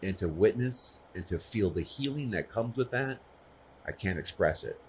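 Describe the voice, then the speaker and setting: A man's voice: lowish voice, lively intonation, moderate pace, slight background noise. A man speaking earnestly and personally at a conference, often checking in with the audience. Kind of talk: conversational conference talk.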